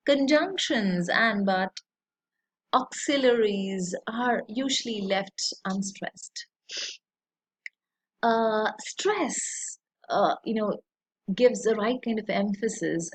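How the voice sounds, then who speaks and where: A woman, teaching a lesson in a slow, deliberate way, with many fillers. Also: mid-range voice. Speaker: English teacher. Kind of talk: recorded lecture.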